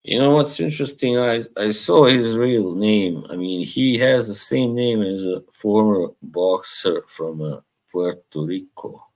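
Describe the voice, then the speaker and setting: Slow deep-voiced man chatting on stream. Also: animated, a little mellow. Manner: rambling, chuckles often, reads chat aloud. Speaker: live stream host. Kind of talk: casual live-stream chat.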